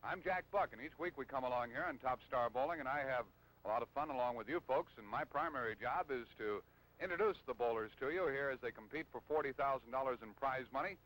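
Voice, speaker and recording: A man's voice: medium pitch, quick pace, a bit bright. A man hosting a televised bowling show, introducing the players with an upbeat announcer's manner and then calling the play. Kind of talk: TV sports commentary. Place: bowling alley. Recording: noisy old TV broadcast.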